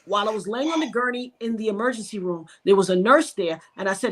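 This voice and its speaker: A woman's voice: fast, hardly any pauses. A woman from New York, a podcast guest, telling an emotional personal story and acting out the voices of the people in it. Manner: animated, reenacts dialogue with sharp pitch jumps.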